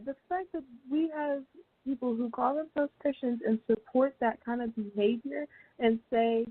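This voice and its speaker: A young woman calls in to a show as a guest, her voice on the high side with fairly even intonation at a normal speed. She talks earnestly in a casual chat, often restarting hesitantly. The sound comes through a tinny phone line.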